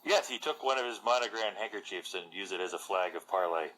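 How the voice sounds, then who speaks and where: A man's voice: deep voice, fast talker, sharp tone, slight background noise, low-quality recording. A man narrating a tabletop game as game master, hesitant and full of fillers.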